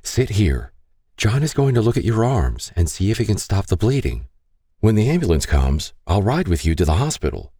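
A man voicing a graceful young woman who speaks in a calm, caring way. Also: fairly low pitch, fairly quick, few pauses, slightly rough, no room sound, voice pushed up. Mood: soothing. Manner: soothing.

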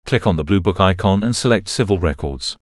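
A male narrator voicing a brisk archive staffer who gives clear, instructive directions. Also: low voice, lively intonation, no echo, studio quality.

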